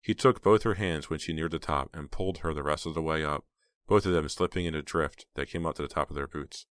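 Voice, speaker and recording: Deep-voiced man reading an audiobook. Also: brisk, fairly bright tone, smooth, no room sound, studio quality. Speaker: audiobook narrator. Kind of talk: scripted narration.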